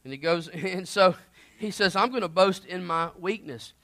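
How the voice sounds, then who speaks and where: Guy preaching, high voice, chatty sermon style, gets loud then drops low. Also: normal speed, creaky. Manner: conversational preaching, swings between loud emphasis and quiet asides.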